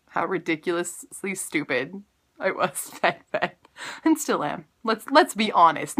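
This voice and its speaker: Bright self-mocking woman vlogger. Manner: animated, self-mocking, jumps up in pitch for emphasis. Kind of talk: casual storytelling vlog.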